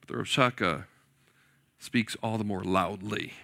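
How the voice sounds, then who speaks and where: A man in his forties, a pastor preaching a sermon in an animated way, often putting questions to his listeners. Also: mid-range voice, moderate pace, gravelly. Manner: animated, asks the audience questions, often says "right?".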